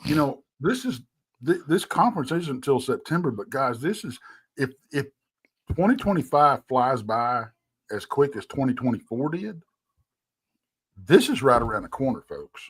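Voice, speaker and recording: Middle-aged man, folksy storyteller, mid pitch, dry close sound. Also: sing-song, normal speed, breathy edge, no room sound. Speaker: co-host. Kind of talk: casual storytelling chat.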